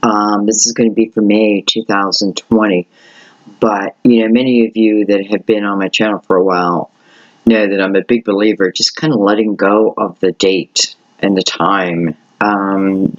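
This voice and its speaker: A man giving a casual, rambling tarot reading to his viewers, gentle in manner and full of asides like "you know" and "right". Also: fairly low pitch, highs cut off. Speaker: tarot reader.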